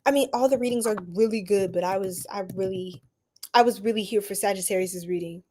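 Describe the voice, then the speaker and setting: A young adult woman hosting a tarot reading livestream, chatting casually with viewers in an animated, slangy way and laughing often. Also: medium pitch, a little fast. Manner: animated, laughing, preachy slang-filled asides. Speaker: tarot reader livestream host.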